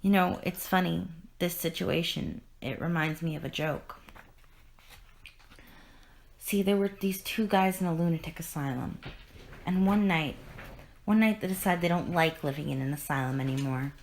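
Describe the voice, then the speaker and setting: A woman reading aloud the lines of a bitter, broken male clown villain, getting louder as she tells his joke. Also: sits low, normal speed, creaky, pauses often. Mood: storytelling.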